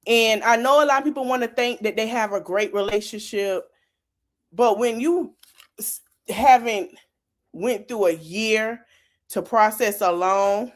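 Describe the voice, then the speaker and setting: Lady podcast host, kinda high voice, laid back slow talk, slangy and laughing a lot. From South Florida. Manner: animated, laughing, slangy and teasing. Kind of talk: casual commentary.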